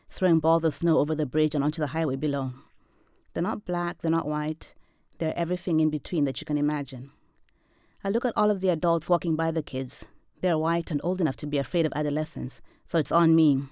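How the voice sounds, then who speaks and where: A woman in her forties from Zambia reads her own first-person story in a measured, wry, deadpan delivery. Her voice sits very low for a woman. It is recorded close and dry, with no room sound. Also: no room sound. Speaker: professor and storyteller.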